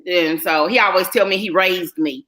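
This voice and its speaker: A woman's voice: on the low side, normal speed, background noise. A woman in her forties with a North Carolina accent, hosting a casual live chat in a loose, talkative way. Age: 40s. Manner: chatty, loose and conversational. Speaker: live stream host.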